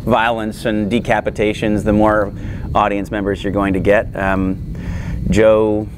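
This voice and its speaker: A man speaking thoughtfully in an interview, measured and reflective. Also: fairly low pitch, flat delivery, noisy background. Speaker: actor guest.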